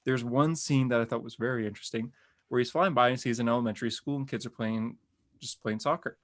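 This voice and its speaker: A man hosting a podcast, chatting casually and excitedly about comic books, rambling with lots of filler words. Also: medium pitch, fast talker. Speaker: podcast host. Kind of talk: casual comic book review chat.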